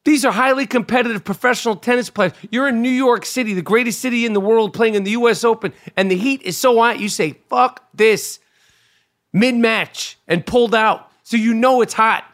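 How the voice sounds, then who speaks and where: A man's voice: very high voice, a little fast, hardly any pauses, a bit bright. A man hosting a podcast, telling a rambling, profane story in a casual monologue. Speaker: podcast host. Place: New York.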